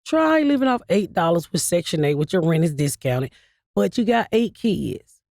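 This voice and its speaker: A woman's voice: on the low side, big pitch swings, normal speed, creaky, a little mellow, no room sound, studio quality. A woman comedian in her fifties, a blunt and profane storyteller who laughs through her stories as a guest. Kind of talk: casual interview storytelling.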